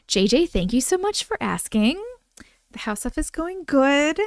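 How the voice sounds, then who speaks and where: A woman's voice: sits high, big pitch swings, takes it slowly, dry recording, studio quality. Bubbly woman chatting with live viewers. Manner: chatty, bubbly, reacts to comments. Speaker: live-stream host. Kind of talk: casual chat with live viewers. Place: home.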